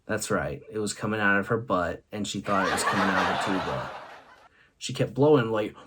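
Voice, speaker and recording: A man's voice: lowish voice, brisk, very noisy. A man hosting a vlog, telling comic stories and laughing often between punchlines. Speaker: host. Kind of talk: comic storytelling monologue.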